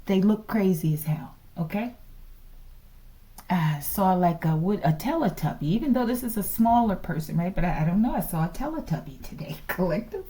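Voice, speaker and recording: A woman's voice: on the low side, animated, moderate pace, dark tone. A woman reading tarot in a casual vlog, talking emphatically and often checking in with her listeners. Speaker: tarot reader.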